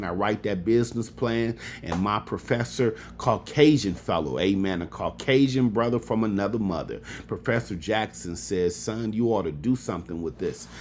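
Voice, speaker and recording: A man's voice: lowish voice, slight background noise. A man in his fifties giving a motivational speech with a preacher's cadence, peppering his talk with "amen" and speaking straight to the audience.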